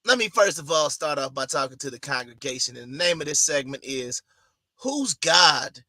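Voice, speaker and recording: A man's voice: fairly high pitch, very animated, moderate pace, bright, forceful tone, no room sound. A man co-hosting a casual podcast, talking loosely in slang and riffing with his co-host.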